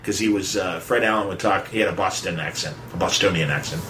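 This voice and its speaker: A man's voice: sits low, fast, sharp tone, a little hiss or hum. A man hosting a podcast, telling trivia in a rambling, digressive casual chat. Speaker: podcast host. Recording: echoey room with faint music.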